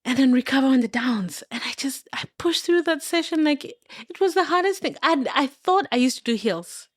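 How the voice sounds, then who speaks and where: Woman, from Kenya, podcast guest, higher voice, animated storytelling, frequent laughter, dry close sound. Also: moderate pace, no echo. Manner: animated, laughing, acts out quoted dialogue. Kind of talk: casual storytelling chat.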